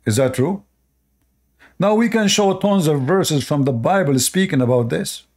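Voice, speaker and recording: Man, fairly high voice, indignant, preachy, reaction commentary, non-native English, rhetorical questions to the audience. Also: expressive, unhurried, darkish tone. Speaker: online religious commentator.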